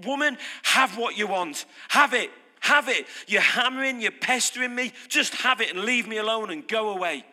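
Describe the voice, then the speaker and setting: Irritable night-woken judge, as a preacher puts him on. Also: male voice, high voice, lively intonation, normal speed, few pauses, pushed and bright, exaggerated voice. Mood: irritated. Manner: dismissive, impatient. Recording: long hall reverb.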